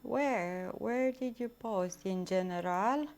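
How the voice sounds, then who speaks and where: A woman's voice: medium pitch, takes it slowly. Winded woman chatting on a live stream. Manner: breathy, chatty, talks to her viewers. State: out of breath. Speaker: livestreamer. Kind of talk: casual live stream chat. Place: home, moving into a kitchen.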